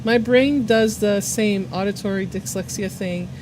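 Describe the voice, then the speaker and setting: A woman's voice: mid-range voice, measured pace, background noise. A woman casually chatting on her art livestream, rambling with lots of fillers, swearing and laughing. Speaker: art streamer.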